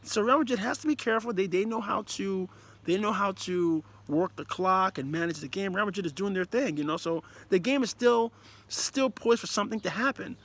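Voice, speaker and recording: A man with a somewhat high voice talks a little fast as a football commentator. He gives a casual, animated review of a match from a player's and manager's point of view, emphatic and rambling, often restarting his thoughts.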